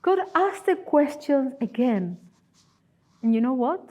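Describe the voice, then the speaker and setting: A woman with a non-native English accent, preaching a sermon as a guest speaker in a church, in an earnest, emphatic storytelling manner with dramatic pauses. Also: high voice, sing-song, darkish tone.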